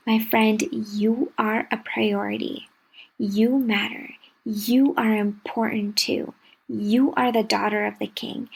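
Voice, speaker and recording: A woman podcast host talking straight to her listeners in a fairly high, husky voice with a gravelly edge. She is earnest and encouraging, repeats her reassurances, and slips into soft, breathy passages. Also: rough recording. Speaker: podcast host and parenting coach. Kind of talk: direct-to-listener podcast monologue.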